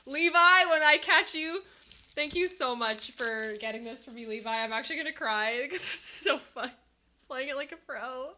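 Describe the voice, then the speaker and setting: A woman live streaming to chat, talking casually and excitably, laughing often and swinging between giddy and teary. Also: high voice, moderate pace. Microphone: headset.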